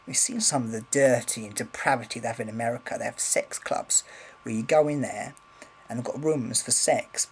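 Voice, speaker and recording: A man's voice: medium pitch, lively intonation, moderate pace, a little hiss or hum, low-quality recording. A man rambling casually in a vlog, swearing freely, filming on a handheld camera. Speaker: vlogger.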